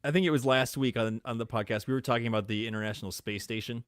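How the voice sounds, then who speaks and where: A man's voice: medium pitch, fairly even intonation, very fast, smooth, no echo, studio quality. A man hosting a podcast in casual chat, telling stories with lots of fillers and hesitations. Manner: hesitant, filler-heavy storytelling. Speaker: podcast host.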